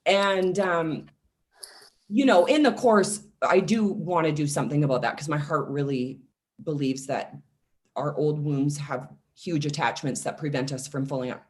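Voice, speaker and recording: A woman in her forties, a self-love coach, talking casually and telling personal stories with lively acted-out quotes. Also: low voice, moderate pace. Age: 40s. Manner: animated storytelling, acts out quoted voices. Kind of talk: casual podcast conversation.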